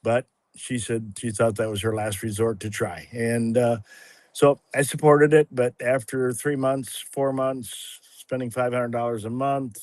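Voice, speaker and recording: A man in his sixties telling his personal story on a livestream, halting and rambling with many restarts. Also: mid-range voice, little pitch movement, darkish tone, no room sound. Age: 60s. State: a little emotional at times. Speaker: guest sharing a testimony. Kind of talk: casual spoken testimony on a livestream.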